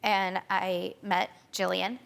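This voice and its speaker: Young woman with a gravelly voice. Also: medium pitch, flat delivery, takes it slowly, fairly bright tone. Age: young adult. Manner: urgent, tearful retelling with many restarts. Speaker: talk show guest. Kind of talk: emotional personal account.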